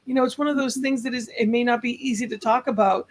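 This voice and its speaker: A woman's voice: a little high, steady tone, quick pace. A woman hosting a conversational interview, affirming and encouraging her guest. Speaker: host.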